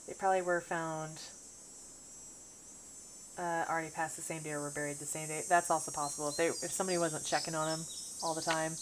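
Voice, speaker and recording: A woman's voice: sits low, level tone, fairly quick, pauses often, background noise. A woman with a Missouri Bootheel twang, chatting casually while streaming a mystery game, thinking aloud and reading chat. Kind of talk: livestream gameplay commentary. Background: game music and cicadas.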